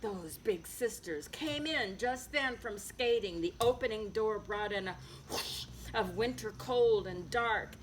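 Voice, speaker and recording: A woman author reading a children's book aloud, telling it in a playful, lively way. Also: medium pitch, a little slow, slight background noise. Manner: lively, playful storytelling with sound effects.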